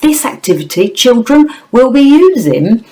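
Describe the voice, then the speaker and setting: Slow, lively sing-song woman teacher. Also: fairly high pitch, low-quality recording. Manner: sing-song, exaggerated, coaxing for small children. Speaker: primary school teacher. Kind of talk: children's phonics lesson.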